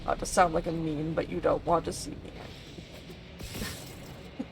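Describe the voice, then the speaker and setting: A woman's voice: deep voice, level tone, takes it slowly, creaky, noisy background. A woman live-streaming a video game, chatting casually with her viewers and laughing often. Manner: chatty, answers chat with frequent laughs. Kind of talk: casual live-stream chat while gaming.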